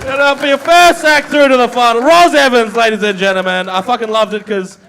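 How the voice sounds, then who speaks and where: A man's voice: very high voice, brisk, a bit bright, a little hiss or hum. A man with an Australian accent hosting a live comedy show, bantering loosely and swearing between acts in front of a laughing audience. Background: crowd laughing.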